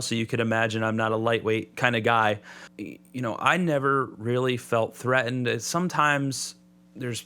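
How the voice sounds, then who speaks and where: A man talking casually as a podcast guest, rambling and restarting his sentences as he tells stories from the trail. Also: medium pitch. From United States. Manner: relaxed, rambling with many restarts. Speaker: podcast guest, thru-hiker. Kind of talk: casual interview storytelling.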